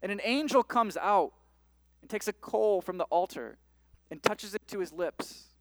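A man's voice: sits high, animated, a little slow, no room sound. A man preaching a sermon, reading scripture aloud and then explaining it in a conversational way. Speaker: pastor.

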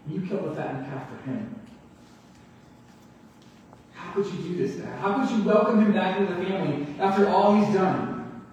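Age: adult. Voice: high for a man. Figure: an indignant, self-righteous older son, as a preacher puts him on. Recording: far off in a hall with long, heavy echo. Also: expressive, moderate pace, a little mellow, muffled recording, a little hiss or hum, lightly acted. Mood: resentful. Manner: indignant, complaining. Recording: echoey hall, mic far off.

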